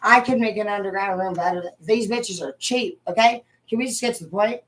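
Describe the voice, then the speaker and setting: A young adult woman from Washington state, angrily ranting to her viewers and swearing constantly, swinging between loud outbursts and low muttering. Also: a little fast, poor audio. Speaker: vlogger. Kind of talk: profane ranting monologue.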